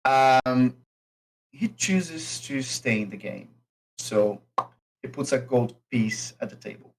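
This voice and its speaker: The recording is rough, and the man's voice is medium in pitch. He is the game master of a tabletop game, narrating at a leisurely pace with frequent uh and um fillers.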